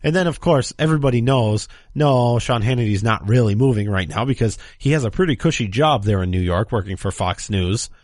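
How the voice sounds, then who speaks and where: A political commentary host speaks fairly quickly with few pauses, his medium-pitched voice expressive and a little mellow. He mocks opponents sarcastically by imitating them in put-on quotes. The studio recording has no echo.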